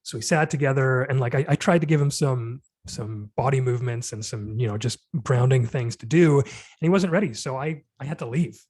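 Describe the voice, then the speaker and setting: A man's voice: medium pitch, brisk, a little mellow, no echo. Earnest man telling a story, dry sound. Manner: earnest, reflective, many fillers like "you know" and "like". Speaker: podcast guest. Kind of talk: candid conversational storytelling.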